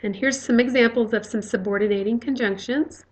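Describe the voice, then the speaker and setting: A woman delivers a recorded grammar lecture in a slightly high voice. She explains patiently and step by step, often pausing on "okay" and "uh" as she goes. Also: fairly even intonation. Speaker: teacher.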